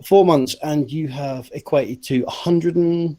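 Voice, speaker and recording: A man's voice: fairly high pitch, unhurried, warm tone. A man hosting a casual livestream interview, joking and teasing, with a sore throat. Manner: jokey, teasing, laughs often. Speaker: host, interviewer.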